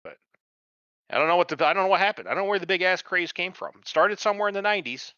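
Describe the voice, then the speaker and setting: A man's voice: high-pitched, lively intonation, very fast, bright, forceful tone, clean tone, no echo. A man co-hosting a podcast in casual chat, rambling and swearing a lot. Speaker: podcast co-host. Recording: dull dry lo-fi sound.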